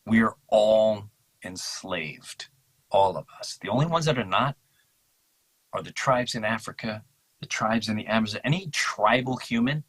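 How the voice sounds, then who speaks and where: A man talking in an impassioned, animated way in a casual podcast conversation, acting out quotes in mocking voices. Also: fairly low pitch, breathy edge, rough recording. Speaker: podcast guest.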